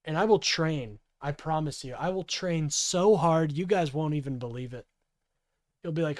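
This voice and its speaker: A man's voice: a little high, moderate pace, no room sound, clean studio sound. A man in his twenties giving profane, heated reaction commentary on a clip. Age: 20s. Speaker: political streamer.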